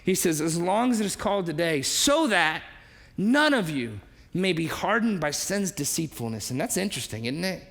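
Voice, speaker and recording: A man preaching a sermon as a pastor, animated and conversational, acting out quoted voices and asking the congregation questions. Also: a little high, moderate pace. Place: church hall. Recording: long reverb of a large hall.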